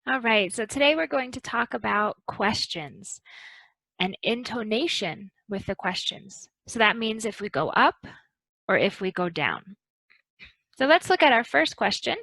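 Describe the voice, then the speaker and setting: A woman teaching an English pronunciation lesson, speaking slowly and carefully to model intonation. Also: on the high side, big pitch swings, vocal fry, sharp tone, no echo, rough recording.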